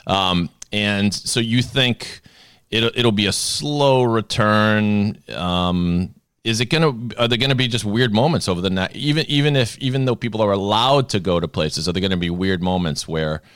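Casting: male podcast host, Boston accent, deep voice, rambling and joking, dry close sound. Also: normal speed, a bit bright, smooth, no room sound. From Boston area. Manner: jokey, rambling with many restarts. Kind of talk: casual chat.

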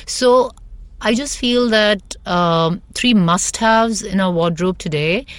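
A woman from India, a celebrity stylist, chatting casually as a guest with lots of fillers and animated asides. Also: mid-range voice, slow pace, smooth, no echo. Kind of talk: casual interview chat.

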